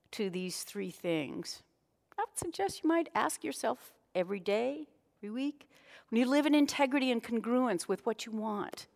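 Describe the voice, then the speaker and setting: Middle-aged woman pastor, chatty sermon storyteller; higher voice, big church reverb. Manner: conversational, self-deprecating storytelling. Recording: long reverb of a large hall.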